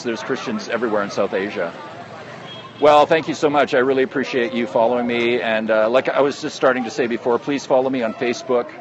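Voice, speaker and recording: A man from Canada walks a crowded outdoor square while streaming on a handheld phone. He rambles in a friendly way, full of fillers and restarts. Clear traffic noise runs under his mid-pitched voice. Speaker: travel vlogger livestreaming. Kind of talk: casual live street broadcast. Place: busy outdoor city square. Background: crowd and motorcycles.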